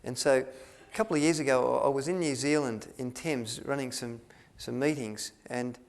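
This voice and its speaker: A man tells a story to an audience. He rambles, restarts his sentences often and fills pauses with ums. He acts out the lines he quotes. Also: mid-range voice. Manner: rambling, with many restarts and fillers, acting out quotes. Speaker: speaker at a health retreat.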